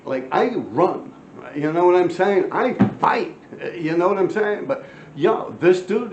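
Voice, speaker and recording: A man's voice: fairly high pitch, slight background noise. A middle-aged man, telling profane street stories to a camera in casual storytelling. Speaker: former graffiti writer telling stories. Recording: echoey room, slightly dull sound.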